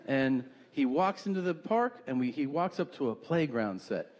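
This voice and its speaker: A man's voice: mid-range voice, expressive, moderate pace, darkish tone. A middle-aged man doing a stand-up comedy set, telling profane, exaggerated stories and acting out quotes, recorded live on stage with a handheld mic. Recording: live club recording with crowd noise.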